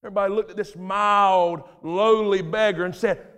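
A male preacher delivering a dramatic sermon, swinging between hushed storytelling and loud shouts, recorded in a church sanctuary. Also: high-pitched, fairly even intonation, moderate pace, smooth. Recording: reverberant church hall.

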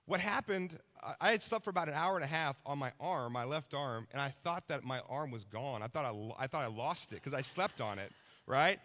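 A man preaching a sermon, telling lively stories and checking in with his listeners. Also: mid-range voice, a little fast, in a large hall. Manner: energetic storytelling, checks in with listeners.

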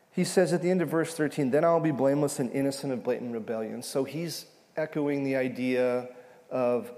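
Man preaching with a gravelly voice. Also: medium pitch, darkish tone. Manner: conversational, repeats "okay?" often. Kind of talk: sermon teaching on a psalm. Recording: long hall reverb.

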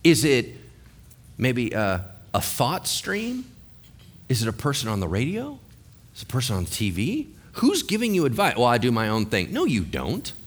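Lively male preacher, very animated pitch. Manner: animated storytelling, acts out quoted voices, asks the audience questions. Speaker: pastor. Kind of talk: sermon.

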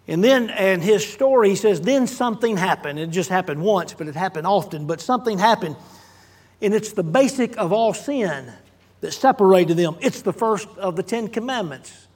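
A man delivers a sermon from the pulpit in a notably high voice. He preaches earnestly, swelling and dropping his emphasis and turning aside now and then to speak straight to his listeners. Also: lively intonation, moderate pace, a little mellow, breathy edge. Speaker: pastor.

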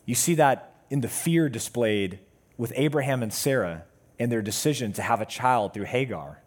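Husky-voiced male preacher. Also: mid-range voice, animated, normal speed. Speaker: pastor. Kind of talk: sermon.

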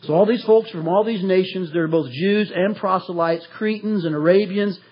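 Here a pastor from Tennessee works through an expository sermon with animation, raising his voice to dramatize quotes. The voice sits high with a breathy edge and moderate pace, though the audio is dull.

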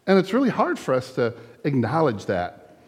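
A middle-aged man, a pastor, preaching a sermon in a relaxed conversational way, with small laughs and acted asides. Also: medium pitch, normal speed, breathy edge, big-room sound. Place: church.

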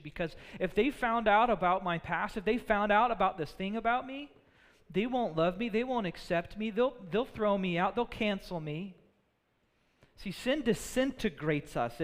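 Male pastor, sermon, earnest, repeats words, high voice, long hall reverb. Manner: earnest, repeats words when building a point.

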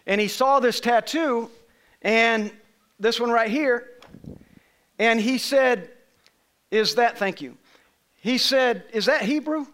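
A man with a high, bright voice tells a story from the pulpit in an easy, chatty way. He turns to people in the room to check the details. It sounds like a pastor at a casual sermon. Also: slow, long pauses. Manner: conversational storytelling, asks congregation members questions.

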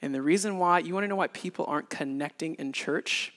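A man in his thirties preaching a sermon in an animated way, acting out little scenes with sound effects. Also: a little high, a little fast. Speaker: pastor. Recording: reverberant hall.

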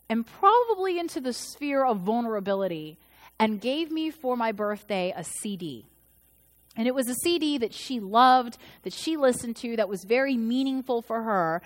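Woman pastor preaching with acted-out asides. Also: a little high. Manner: storytelling, acts out quoted voices with shifts in loudness. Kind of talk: sermon.

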